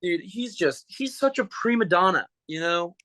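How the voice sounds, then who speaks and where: A man who performs as a mascot, telling animated, joking stories in a casual interview. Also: high-pitched, moderate pace, no echo, low-quality recording.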